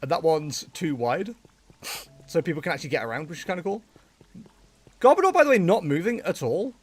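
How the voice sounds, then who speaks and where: A man's voice: on the high side, brisk, husky, dry recording. Chatty man streaming a game. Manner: chatty, animated, laughs often, talks to chat and game characters. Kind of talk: casual livestream chat.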